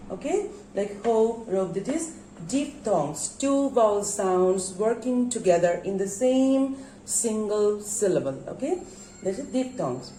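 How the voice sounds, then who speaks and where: A woman with a Bangladeshi English accent teaches a recorded pronunciation lesson at an unhurried pace. She spells words letter by letter and asks her class questions that she answers herself. Her voice is mellow and sits in an echoey room. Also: medium pitch, slight background noise.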